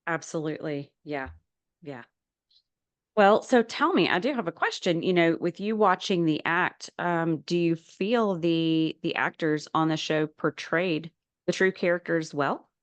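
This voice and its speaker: A woman's voice: lowish voice, unhurried, no room sound. A woman co-hosting a podcast in casual chat, hesitant with many ums and restarts. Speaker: podcast co-host.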